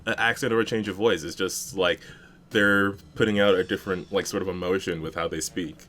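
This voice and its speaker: A deep-voiced man talks through his ideas on a gaming podcast. He sounds relaxed and thoughtful, with faint music behind him. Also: fairly quick. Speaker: podcast co-host and game master. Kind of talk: casual podcast chat.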